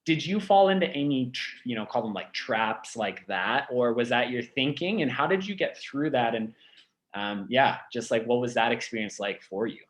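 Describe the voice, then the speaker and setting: A man's voice: mid-range voice, expressive, moderate pace. A man hosting a podcast, talking in a reflective, meandering way with many fillers. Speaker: podcast host. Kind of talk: casual conversation.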